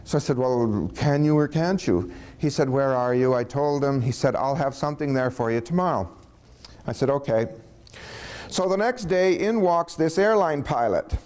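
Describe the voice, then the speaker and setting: A man's voice: medium pitch, normal speed. Chuckling man telling a story. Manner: animated storytelling, chuckling, acting out quoted voices. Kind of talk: casual anecdote telling.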